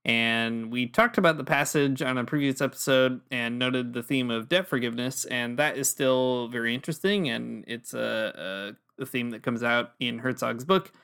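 A man's voice: medium pitch, normal speed, vocal fry, few pauses, a bit bright, smooth. Easygoing man co-hosting a podcast. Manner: joking, easygoing, frequent fillers. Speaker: podcast co-host. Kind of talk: casual chat.

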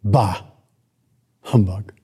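A man's voice: fairly low pitch, extremely slow, mellow, breathy edge, pitched below the performer's own voice, heavily acted. A man putting on Scrooge, a scornful old miser. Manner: scornful growling retorts.

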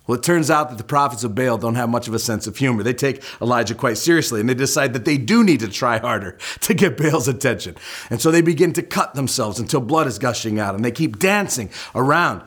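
A male pastor preaching a sermon, telling the story with lively humor and pointed asides. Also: mid-range voice, a little fast, breathy edge.

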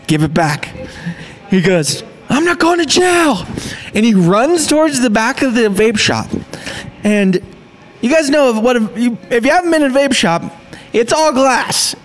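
A young man who owns a small business, excitedly telling a story and acting out the quotes. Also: sits high, slight background noise. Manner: excitable, acts out quotes in a rush. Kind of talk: animated storytelling.

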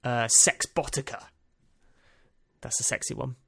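A man's voice: medium pitch, steady tone, measured pace, gravelly, pushed and bright, husky, no room sound. A man hosting a podcast, reading out a list in a rambling, dry, self-amused way with lots of ums and uhs. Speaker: podcast host. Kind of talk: casual solo podcast monologue.

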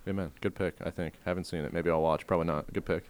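A young man co-hosting a sports podcast, chatting casually and cracking deadpan jokes. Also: low-pitched, fast, clean tone. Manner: joking, deadpan asides. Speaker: podcast co-host. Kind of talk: casual chat.

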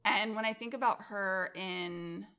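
A woman co-hosting a casual film-talk podcast, speaking at a middling pitch with a bright, forward tone. She talks with enthusiasm and leans on many filler words as she works through her thoughts. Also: a little slow, clean tone. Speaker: podcast co-host.

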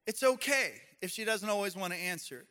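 A man preaching a sermon, an animated storyteller who speaks straight to his congregation. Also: sits high, a little fast. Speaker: pastor.

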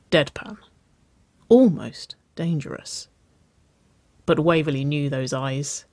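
A narrator reading a romance story aloud in a soft, even storytelling delivery. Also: medium pitch, no echo. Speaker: audiobook narrator.

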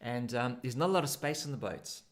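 A man's voice: medium pitch, lively intonation, a little fast. A man with a South African accent, a surf coach talking casually and explaining technique with demonstrations. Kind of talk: casual instructional chat.

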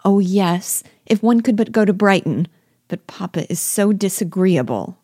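A woman's voice: medium pitch, lively intonation, moderate pace, warm tone, husky, no echo, clean studio sound, pitched above the performer's own voice. A woman reading the lines of a giddy, melodramatic young girl in an audiobook. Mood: longing. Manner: exclaiming, melodramatic.

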